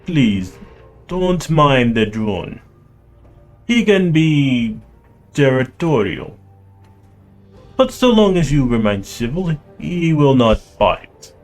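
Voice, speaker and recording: Man doing a raised, unhurried voice, cultured male mechanic, Russian accent, courteous, faint music behind. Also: medium pitch, sing-song, darkish tone, voice pushed up. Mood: polite. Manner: polite, courteous, measured.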